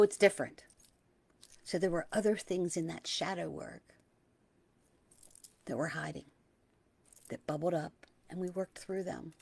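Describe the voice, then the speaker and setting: A middle-aged woman hosting a spiritual talk, gentle and dreamy, slowing on key words and sometimes dropping to a hush. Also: lowish voice, creaky, dry recording. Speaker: spiritual teacher and host. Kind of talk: soft-spoken spiritual talk.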